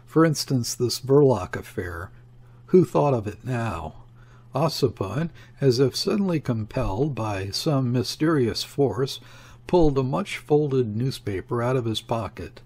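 A man narrating a classic novel as an audiobook in a measured, even reading. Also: medium pitch, husky. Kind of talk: scripted narration.

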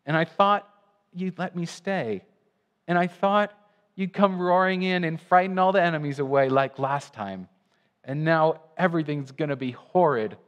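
A man's voice: fairly high pitch, expressive, slow pace, long reverb tail, dull audio, voice pushed up. A man voicing a timid young girl who pleads anxiously with a lion, during a sermon reading. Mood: dismayed.

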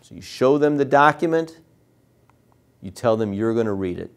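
A man's voice: medium pitch, expressive, normal speed, pauses often. A man teaching trial advocacy, explaining cross-examination step by step and acting out sample questions to a witness. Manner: acts out lawyer and witness exchanges in a raised voice.

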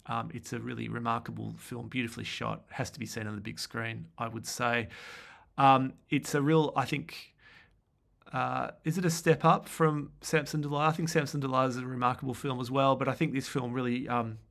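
A man with a gravelly, creaky edge to his voice talks through a film in a loose lecture. He thinks aloud, restarts his sentences and keeps posing questions to his students, at a middle pitch for a man. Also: flat delivery, brisk, fairly bright tone. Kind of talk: casual recorded lecture.

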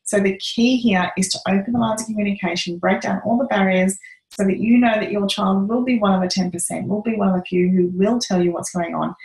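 A woman's voice: medium pitch, fairly even intonation, fairly quick, darkish tone, reverberant, rough recording. A woman giving earnest advice to parents, telling stories with frequent "um"s. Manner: earnest, storytelling with many "um"s and acted quotes. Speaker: parenting educator.

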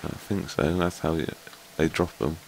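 Very deep, gravelly, raging man gamer. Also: moderate pace, a little hiss or hum. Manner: swearing, raging, shouting at the game. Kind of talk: casual gaming chat.

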